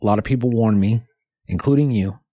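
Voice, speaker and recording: A man co-hosting a comedy podcast, joking in a deadpan, rambling way. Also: lowish voice, brisk, no echo, highs cut off. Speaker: podcast co-host. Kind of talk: casual comedy chat.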